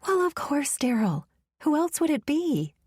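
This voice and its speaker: Breathy, scattered middle-aged mom in an audiobook, put on by a woman narrator with a dry, close sound. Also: sits high, sing-song, unhurried, a little mellow, no room sound, pitched above the performer's own voice. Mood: flustered. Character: distracted middle-aged mother, flighty and nostalgic.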